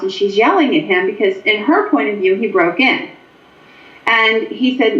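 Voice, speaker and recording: A woman from Pennsylvania, a paranormal investigator, telling stories as an interview guest in an animated way with frequent ums. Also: a little high, normal speed. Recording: echoey, dull lo-fi sound.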